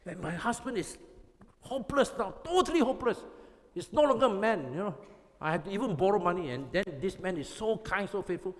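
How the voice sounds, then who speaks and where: A man's voice: high-pitched, animated, a little fast, pitched above the performer's own voice. A man voicing a complaining wife who is fed up with her lazy husband, whining and rising in exasperation. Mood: exasperated. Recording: long reverb of a hall.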